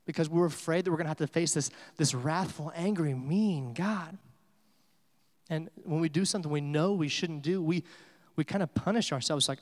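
A male pastor with a fairly high voice preaches in a relaxed, storytelling way, full of ums and restarts. His voice trails off in the long reverb of a church hall. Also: unhurried. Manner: conversational, storytelling with many fillers. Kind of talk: sermon.

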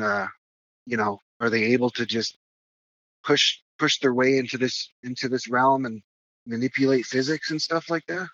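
A man's voice: mid-range voice, fairly bright tone, no room sound, highs cut off. A man recounting a strange experience as a podcast guest, rambling with many fillers and restarts. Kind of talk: casual storytelling.

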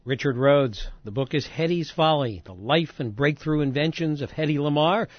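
A male radio host thanks his guest and sums up briskly. His voice sits a bit high for a man. The sound is dry and slightly muffled. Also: no room sound. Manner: brisk wrap-up, polite thanks. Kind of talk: radio interview.

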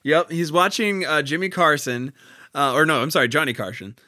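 A man in casual discussion of a play, talking in a halting way with many pauses and restarts. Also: fairly high pitch, pushed and bright, no echo, clean studio sound. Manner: halting, many fillers and restarts, laughs easily.

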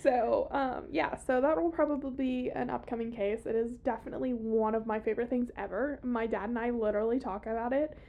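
A young woman with a high voice hosts a podcast from a podcast room. She chats loosely, with plenty of fillers and the odd swear word, keeping things casual. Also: fairly even intonation, a little fast, gravelly, hardly any pauses, narrow, tinny audio. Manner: chatty, swears, many fillers. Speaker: podcast host. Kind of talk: casual chat.

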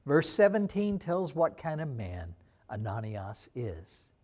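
A man preaching a sermon as pastor, teaching slowly and acting out quoted lines with dramatic emphasis. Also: mid-range voice, very animated, a little mellow. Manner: slow, deliberate teaching with dramatic voiced quotes. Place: church.

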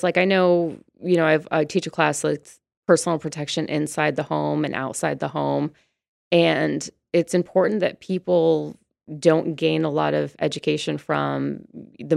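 A woman's voice: low voice, vocal fry, no echo, clean studio sound. A woman, a firearms instructor, answering interview questions in a chatty way with many fillers and restarts. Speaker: firearms instructor and brand ambassador.

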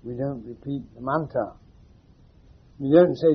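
An English spiritual teacher gives an informal talk to a small audience in a meeting room, wry and teasing as he questions his listeners. His mid-range voice is husky and unhurried, with frequent pauses, on a muffled 1980s tape.

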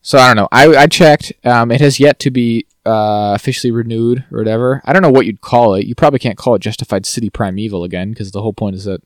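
A man co-hosting a podcast, rambling through a TV recap and slipping into quick mock quotes of the characters. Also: medium pitch, dry recording, clean studio sound. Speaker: podcast co-host. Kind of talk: casual chat recapping TV.

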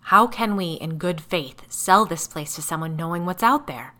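A woman's voice: on the low side, animated, normal speed, lightly acted. A woman voicing an angry, frightened middle-aged man in a story reading, demanding and snappish.

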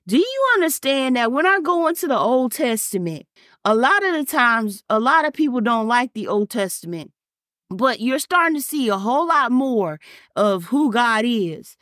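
A woman pastor delivers an emphatic, repetitive sermon, reading scripture slowly aloud. Her voice sits on the higher side, recorded close and dry with no room sound. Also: very animated, a bit bright, no echo.

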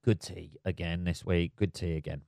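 A man hosting his own podcast, ranting casually with lots of swearing and trailing off into low mutters. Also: flat delivery, normal speed, gravelly, a little mellow, dry recording, studio quality. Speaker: podcast host. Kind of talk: casual solo rant.

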